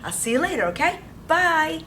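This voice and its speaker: A woman teaching preschoolers in a classroom, talking in an animated, sing-song way and gasping with excitement. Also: sits high, normal speed, far from the mic. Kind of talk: children's lesson.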